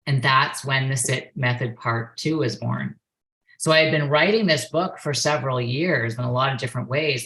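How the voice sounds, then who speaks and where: A woman's voice: extremely low pitch, vocal fry, pushed and bright, low-quality recording. A woman in her forties, a guest on a podcast interview, earnestly telling a personal story and now and then acting out her own past outbursts. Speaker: guest, perception facilitator and yoga instructor.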